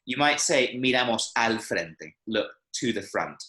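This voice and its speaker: Over a rough video-call connection, a bright-voiced, lively male Spanish teacher holds an online lesson from Medellín. His mid-range voice moves at an unhurried pace as he patiently explains and checks for understanding.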